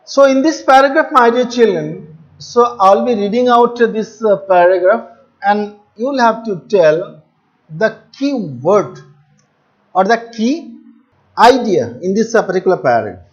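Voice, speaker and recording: High-voiced Indian male teacher. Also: lively intonation, a little slow, muffled recording. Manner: repeats words and mixes in Hindi explanations; addresses students as "my dear children". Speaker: English teacher. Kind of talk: classroom lesson explaining a textbook chapter.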